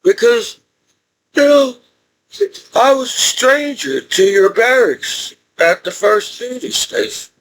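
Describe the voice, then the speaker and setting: Middle-aged guy with a high voice rambling on about himself, keeps chuckling, loops back a lot. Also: lively intonation, takes it slowly, a bit bright, low-quality recording. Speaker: military veteran vlogger. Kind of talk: rambling personal monologue.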